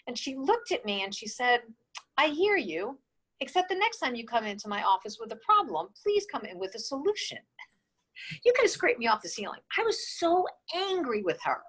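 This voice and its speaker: A woman in her sixties, a guest in an interview, tells her stories with great animation and slips into the voices of the people she quotes. Her voice sits fairly high, with a bright, forceful edge. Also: moderate pace, husky, poor audio. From New York State. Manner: animated storyteller who acts out quoted dialogue. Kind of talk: casual storytelling interview.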